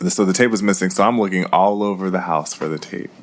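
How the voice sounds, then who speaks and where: A young man co-hosting a podcast, telling a story in a casual, animated way. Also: fast. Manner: animated storyteller, mimics others in a high voice. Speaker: podcast co-host.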